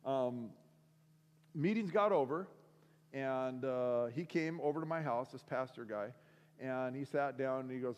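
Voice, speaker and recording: A man gives a storytelling talk and acts out each voice in his story with lively energy. His middle-pitched voice carries a long hall reverb. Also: unhurried, smooth. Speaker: speaker. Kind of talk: storytelling sermon.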